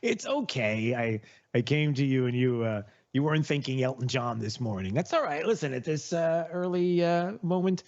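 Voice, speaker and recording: A man's voice: on the high side, animated, normal speed, a little mellow. Rambling male talk radio host. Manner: rambling, loose, with many filler words. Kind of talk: casual talk radio chat. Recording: lo-fi radio broadcast.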